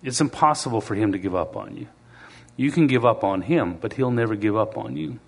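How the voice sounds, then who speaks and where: A man preaching a sermon in a conversational way, now and then acting out quoted voices and reading scripture slowly. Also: on the low side, big pitch swings, breathy edge. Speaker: pastor.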